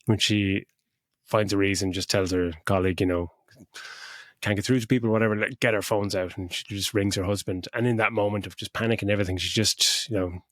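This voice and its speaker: A man's voice: fairly low pitch, fairly even intonation, fairly quick, no echo, clean studio sound. A middle-aged man co-hosting a podcast, laid-back and swearing freely while retelling film scenes. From Ireland. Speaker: podcast co-host. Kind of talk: casual film review chat.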